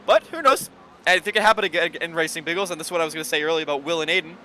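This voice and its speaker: A man doing live sim racing commentary, excitable and getting loud in close battles. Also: on the high side, racing, a little hiss or hum. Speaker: race commentator.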